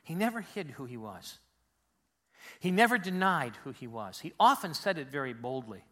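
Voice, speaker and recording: A male preacher with a high, bright voice delivers a sermon in an easy, conversational way. He leans hard on key phrases and repeats them for stress. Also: sing-song, moderate pace.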